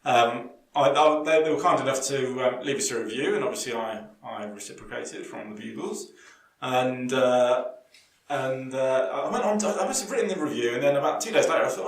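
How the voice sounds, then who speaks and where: A young man, a podcast co-host, telling a rambling story in casual chat with halting restarts. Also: mid-range voice, gravelly. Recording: echoey room, far from mic.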